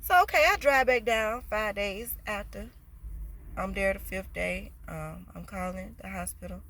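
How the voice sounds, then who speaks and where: A woman telling a casual storytime vlog in slangy, profane talk that climbs into loud, indignant rants. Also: medium pitch, unhurried.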